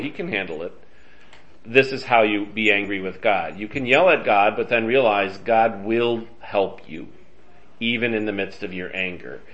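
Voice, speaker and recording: A middle-aged man leading a casual Bible study, chatty and reading scripture aloud with emphasis. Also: lowish voice. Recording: dull lo-fi sound.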